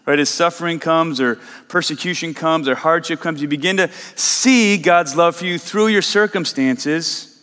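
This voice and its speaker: A man's voice: a little high, moderate pace, hardly any pauses, fairly bright tone, clear, resonant tone, big-room sound. A man preaching a sermon as a pastor, earnest and emphatic, often asking the listeners "right?". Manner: earnest, emphatic, repeats questions and asks "right?".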